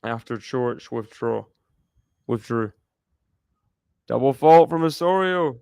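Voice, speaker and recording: Aussie guy doing live tennis play by play, smooth clear voice, dry close sound, laughs a lot. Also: fairly high pitch, takes it slowly, long pauses, darkish tone, no echo. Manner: chatty, laughs often, cheers on players. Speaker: tennis watchalong commentator.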